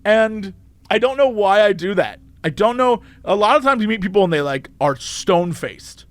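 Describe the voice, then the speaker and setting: A man's voice: sits high, normal speed, no echo. A man co-hosting a casual comedy podcast, playful and teasing as he tells his stories. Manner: playful, teasing, animated storyteller. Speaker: podcast co-host.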